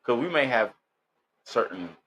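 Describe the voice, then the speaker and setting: A man's voice: mid-range voice, very animated, unhurried, a bit bright, a little hiss or hum. A confident young man co-hosting a podcast in casual chat, speaking close into the mic. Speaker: podcast co-host.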